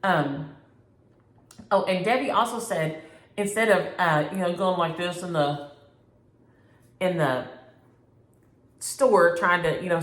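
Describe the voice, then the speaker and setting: A middle-aged woman, talking in a slightly low voice as she chats with viewers. She tells animated, playfully exaggerated stories. The sound is roomy, as if recorded in a live room at home. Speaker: cross-stitch vlogger. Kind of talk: casual chat reading viewer comments.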